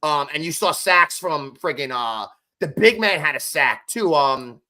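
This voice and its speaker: Bright animated man in sports chat. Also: on the high side, a little slow. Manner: animated, addresses co-host by name often. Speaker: podcast co-host.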